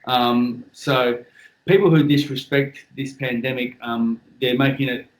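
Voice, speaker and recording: A blunt, relaxed Australian man from Western Australia who swears freely and talks in an easy, casual way. His voice sits in a middle pitch, and the room gives it a noticeable echo. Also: unhurried. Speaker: guest, former world boxing champion. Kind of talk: casual podcast chat.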